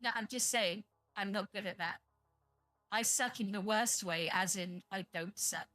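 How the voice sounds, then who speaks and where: A woman's voice: mid-range voice, steady tone, measured pace, sharp tone, dry recording, faint music behind. A young British woman streaming live, chatting to viewers in a blunt, profane, rambling way and sounding tired. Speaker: livestreamer.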